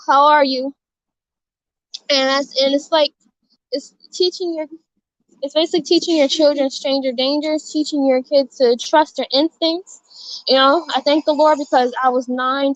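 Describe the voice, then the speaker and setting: A woman's voice: sits high, a bit bright, dry recording, lo-fi sound. A woman telling her viewers a personal story in her childhood neighborhood, in a rambling, earnest way with many fillers and restarts. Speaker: vlogger sharing a testimony. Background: music.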